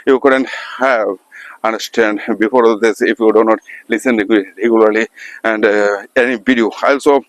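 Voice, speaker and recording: A man with an Indian English accent giving an unscripted motivational talk to camera, speaking haltingly with many fillers and repeated words. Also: lowish voice, fairly even intonation, no room sound, rough recording. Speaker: English-practice vlogger. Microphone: camera mic.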